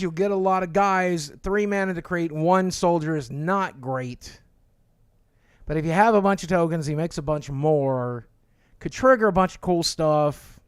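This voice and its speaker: A man's voice: sits high, smooth, no room sound, studio quality. A man casually reviewing trading cards on a live stream, reading card text aloud with chatty asides and thanking viewers.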